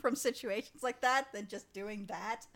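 A young adult woman co-hosting a podcast, recapping a film in animated casual chat with frequent laughs and swearing. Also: medium pitch, measured pace, a little hiss or hum.

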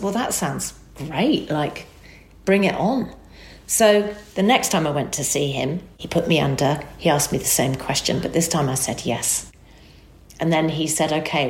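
A woman telling an emotional personal story as a guest, animated and acting out the dialogue. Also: fairly low pitch, reverberant.

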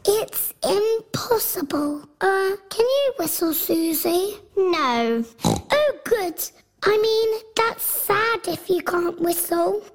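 A squeaky little cartoon piglet girl. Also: heavily acted. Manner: childlike, sing-song. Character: little girl pig and her sheep friend, bossy. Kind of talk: cartoon voice acting.

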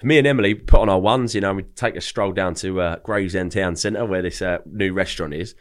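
A man's voice: low-pitched, fairly quick. A young man from England, telling a story in a casual, chatty way as a podcast guest, often repeating words as he starts his sentences. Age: young adult.

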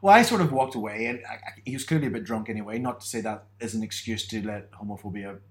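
A man's voice: fairly low pitch, fast. A man from Northern Ireland in a casual podcast chat, telling stories with self-mocking humour and frequent laughs.

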